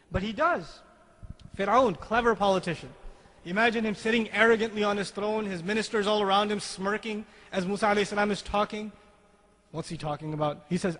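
A man giving an animated religious lecture, acting out the dialogue he quotes and reciting scripture between explanations. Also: extremely high pitch, husky. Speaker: Islamic speaker. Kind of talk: lecture on Quranic language. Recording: lecture hall with long reverb.

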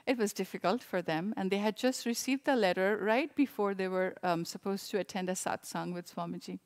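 Woman, mid-pitched, soft reflective sermon delivery, warm and unhurried. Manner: gentle, reflective, with frequent restarts. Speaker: service leader.

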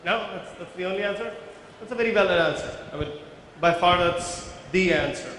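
A man gives a workshop talk, stopping often to put questions to the room. His voice sits a little high for a man. It rings through a large hall with long reverb and a faint hiss underneath. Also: brisk, fairly bright tone. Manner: engaging, quizzes the audience, explains step by step. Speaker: visual merchandising trainer. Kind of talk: workshop lecture with audience questions. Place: large conference hall with a live audience. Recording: very echoey hall, faint background noise.

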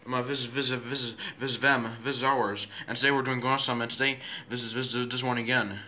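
Giggly man with a bright voice. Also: medium pitch, little pitch movement, quick pace, slight background noise. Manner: giggly, repetitive, silly made-up names. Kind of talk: playful home video chat.

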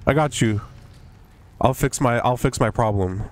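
A man streaming a horror game, yelping, swearing and apologizing to his teammates, then musing calmly on the game. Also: mid-range voice, measured pace. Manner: calm, musing commentary. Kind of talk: live game commentary. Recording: faint background noise.

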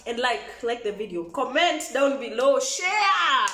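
A woman telling a storytime vlog, animated and laughing as she talks. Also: high voice, a little slow. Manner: animated, laughing, switching between English and Swahili. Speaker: vlogger. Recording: echoey room.

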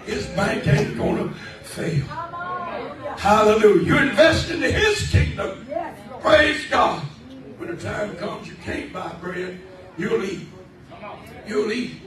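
High-pitched shouting preacher in an echoey church. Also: male voice, very animated, slow, long pauses, over music, crowd noise. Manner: fervent, shouting preaching with repeated praise cries. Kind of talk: revival sermon. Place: church sanctuary. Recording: echoey church hall, from far off, congregation around.

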